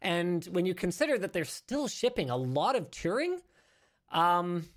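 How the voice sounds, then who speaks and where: A man's voice: high voice, big pitch swings, measured pace. A male show host talking through tech news in a casual, rambling way, correcting himself and adding joking asides.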